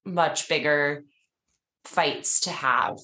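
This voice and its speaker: A woman's voice: low voice, extremely slow, reverberant. A woman co-hosting a podcast, thanking her guests and wrapping up the interview in a casual, grateful way with frequent laughter. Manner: warm, grateful, laughs often. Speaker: podcast co-host.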